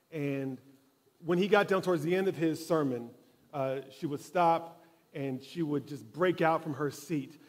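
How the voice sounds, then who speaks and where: A man preaching a sermon in a church, telling a story with dramatic, building intensity. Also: a little high. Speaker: pastor. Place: church sanctuary.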